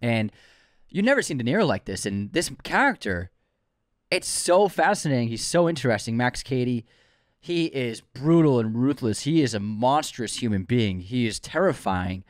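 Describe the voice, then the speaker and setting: A male podcast co-host chats casually in an ordinary middle-pitched voice, full of enthusiasm. He teases his co-host playfully, and the recording sounds dry and close. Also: animated, moderate pace, dry recording. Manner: enthusiastic and teasing. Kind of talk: casual chat.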